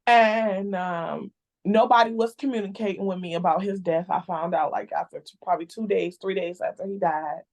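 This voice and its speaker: Woman guest telling her own story, candid and expressive, casual slang, mid-pitched voice. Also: moderate pace. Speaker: podcast guest. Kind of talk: emotional personal storytelling.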